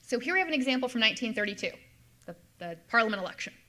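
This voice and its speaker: A woman's voice: on the high side, big pitch swings, racing, bright, forceful tone. A middle-aged woman, a history professor, giving an explanatory lecture and repeating key points for emphasis. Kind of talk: lecture with slides.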